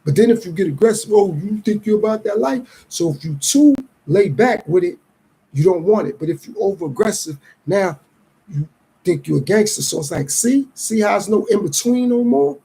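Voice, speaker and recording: A man's voice: high-pitched, expressive, creaky, dark tone, slightly rough, low-quality recording. A middle-aged man hosting a podcast, reflecting in a streetwise, casual monologue. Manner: reflective, streetwise, acts out others' lines in quick voices. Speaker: podcast host.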